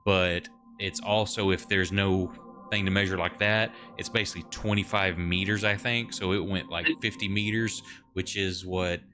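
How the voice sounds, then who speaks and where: A man's voice: deep voice, steady tone, normal speed, sharp tone, faint music behind. A man running a tabletop horror game as game master, explaining rules loosely with many fillers.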